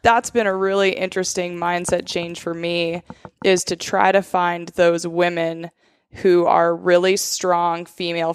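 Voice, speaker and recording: A woman's voice: lowish voice, clean tone, no room sound, studio quality. A woman in her thirties from Alaska, hosting a podcast and speaking earnestly and reflectively in casual chat. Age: 30s.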